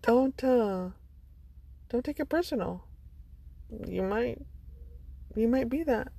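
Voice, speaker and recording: A woman's voice: on the high side, expressive, takes it slowly, vocal fry, mellow, slightly rough, no room sound. A woman vlogger giving a motivational monologue, earnest and blunt, with some swearing. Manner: earnest, blunt, sprinkled with profanity.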